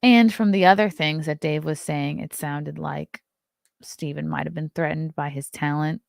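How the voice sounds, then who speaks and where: Her voice is low and creaky, steady in tone and moderate in pace, recorded in clean studio sound without room sound. She is a Long Island woman with a matching accent hosting a casual morning livestream chat, reading headlines and riffing on them bluntly and sarcastically.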